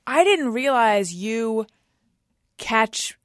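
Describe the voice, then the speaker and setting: A woman's voice: on the high side, lively intonation, extremely slow, no room sound, studio quality. A woman hosting a podcast, asking curious follow-up questions in a casual interview. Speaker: podcast host.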